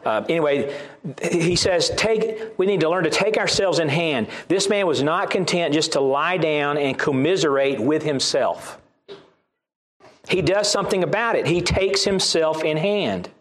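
A man's voice: on the high side, animated, measured pace, fairly bright tone. A man with a Southern US accent preaching a sermon, reading scripture aloud and repeating key lines for emphasis.

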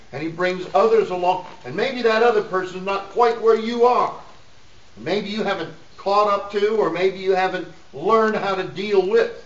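A middle-aged preacher with a fairly high voice delivers a sermon in a folksy, joking style and laughs often. He sounds set back from the microphone in an echoey church, and the recording is somewhat dull. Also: recorded from a distance.

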